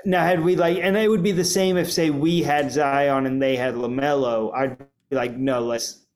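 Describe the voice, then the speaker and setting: A man's voice: fairly high pitch, steady tone, moderate pace. Casual rambling man talking basketball. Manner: loose, rambling, swears casually. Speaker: podcast guest fan. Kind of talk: casual chat.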